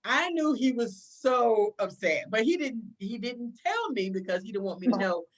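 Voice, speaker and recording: A middle-aged woman, a police chief, telling a career story in an interview, animated, acting out dialogue and often restarting sentences. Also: a little high, moderate pace.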